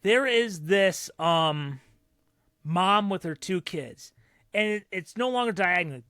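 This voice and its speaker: High, lively man telling stories. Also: takes it slowly, clean tone, no room sound, clean studio sound. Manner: animated storyteller who acts out loud quoted voices. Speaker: podcast co-host. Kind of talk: casual storytelling chat.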